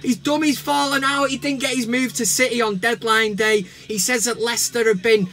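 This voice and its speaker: A man's voice: high voice, sharp tone. A man hosting a football fan video, ranting and mocking players and pundits. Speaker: football vlogger.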